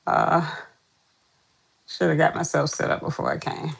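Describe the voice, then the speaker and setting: A woman's voice: low-pitched, level tone, measured pace, vocal fry, slightly rough. A woman hosting a casual live stream, chatty and greeting viewers over and over. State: out of breath.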